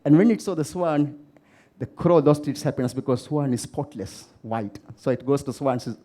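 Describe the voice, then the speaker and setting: Speaking at a moderate pace with a medium pitch and dark tone, a Maldivian man delivers a motivational keynote before a live audience. He weaves in stories and asks listeners questions.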